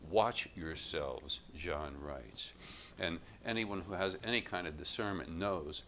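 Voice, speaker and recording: A man preaching a sermon to his congregation, measured and emphatic, setting up contrasts and lifting his voice on quoted lines. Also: deep voice, fairly bright tone, a little hiss or hum.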